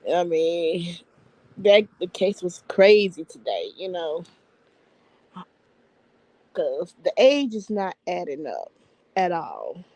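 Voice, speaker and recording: Slow-talking woman chatting to viewers. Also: lowish voice, no room sound, rough recording. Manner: relaxed, greets viewers by name. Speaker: livestream co-host. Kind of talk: casual livestream chat.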